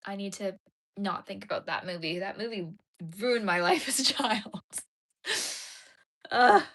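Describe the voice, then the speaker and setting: Bright-voiced woman chatting on a stream. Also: medium pitch, lively intonation, normal speed. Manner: chatty, reacts to chat, turns tearful over sad dog movies. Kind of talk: casual live-stream chat while crocheting.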